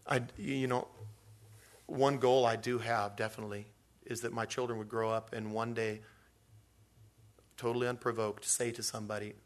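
A man preaching a sermon as pastor, talking conversationally with jokey asides and acting out little quotes. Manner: animated, acts out quotes with big pitch swings.

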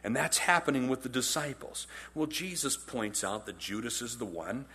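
A man preaching a sermon in a conversational, animated storytelling way, often repeating phrases for emphasis. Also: mid-range voice, normal speed, breathy edge. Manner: animated storytelling, acts out quotes in character. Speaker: pastor.

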